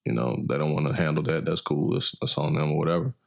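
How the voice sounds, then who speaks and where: A man's voice: very deep voice, quick pace, creaky. A young man co-hosting a podcast in casual chat, laid-back and repeating himself as he talks. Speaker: podcast co-host.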